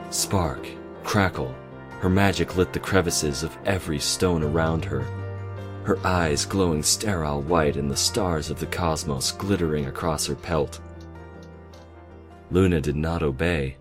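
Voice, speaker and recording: A man reading a fan story aloud, with casual asides and self-corrections. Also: rumbling low. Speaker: reader.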